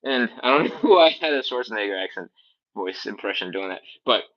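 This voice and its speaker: A man's voice: lowish voice, lively intonation, fairly quick, a bit bright, lo-fi sound. A man leading a live-streamed stretching class, explaining moves casually and often checking in with "all right?" while he exercises on the floor. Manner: cues exercises while doing them on the floor. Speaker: fitness instructor.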